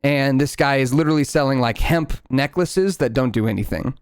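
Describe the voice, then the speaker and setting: A man's voice: mid-range voice, a little fast, clear, resonant tone, no room sound, studio quality. A man running a tabletop game as game master, narrating loosely with lots of fillers and restarts.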